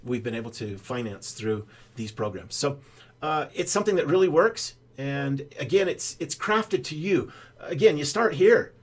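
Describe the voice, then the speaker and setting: A man's voice: fairly high pitch, expressive, normal speed. An older man, a financial adviser, explaining in a folksy, rambling way with many ums and uhs. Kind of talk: casual explainer talk.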